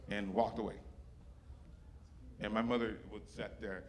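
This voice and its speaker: A man's voice: mid-range voice, fairly even intonation, normal speed, long pauses, fairly bright tone. A man doing a stand-up set in a comedy club, swearing freely and fighting back tears as he talks about his mother. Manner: profane, emotional, close to tears. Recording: live club with audience noise.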